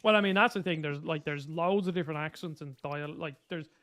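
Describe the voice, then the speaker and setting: A man's voice: on the high side, a little fast, a bit bright. A young man with a Dublin Irish accent chatting casually as a gaming YouTuber, rambling with lots of fillers and self-corrections. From Ireland. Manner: rambling, filler-heavy, often restarts and corrects himself. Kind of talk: casual chat.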